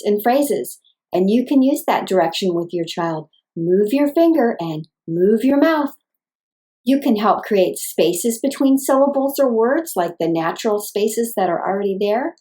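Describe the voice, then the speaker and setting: A woman speech-language pathologist giving calm, clear, scripted instructions for parents. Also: medium pitch.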